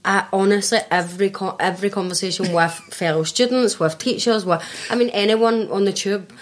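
A young woman with a Glaswegian accent, chatting quickly and openly as a podcast guest, full of fillers and restarts. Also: medium pitch, noisy background. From Scotland. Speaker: life and business coach, guest. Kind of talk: casual podcast conversation.

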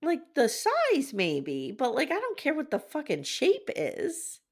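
A woman's voice: high voice, slow pace. A woman hosting a podcast, recapping a TV episode in casual chat and acting out lines from it. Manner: animated, acts out quotes from the episode. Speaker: podcast host.

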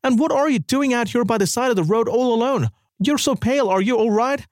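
A man voicing a truck driver who is alarmed but tries to calm a child. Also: sits high, fast, no echo, studio quality, voice pushed up. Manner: urgent, reassuring. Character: alarmed kind adult male truck driver.

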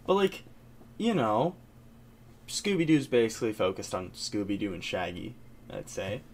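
A man's voice: on the low side, sing-song, normal speed. A young man co-hosting a casual pop-culture podcast, rambling loosely and swearing offhand. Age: young adult. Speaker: podcast co-host.

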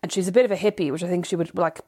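A woman's voice: lowish voice, fairly even intonation, racing, a little mellow, slightly rough. A woman from Ireland co-hosting a podcast, talking casually with wry, teasing asides. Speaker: podcast co-host. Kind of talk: casual chat.

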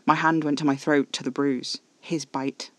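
A man's voice: on the high side, little pitch movement, normal speed, a bit bright, no room sound. A man giving tense, intimate first-person narration of a horror audio drama.

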